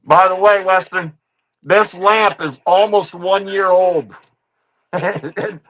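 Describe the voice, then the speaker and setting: A man's voice: sits high, fairly even intonation, takes it slowly, low-quality recording. A man hosting a reaction stream, mocking people in a rant and repeating the same catchphrase over and over. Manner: mocking rant, keeps repeating "ladies and gentlemen". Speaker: streamer host.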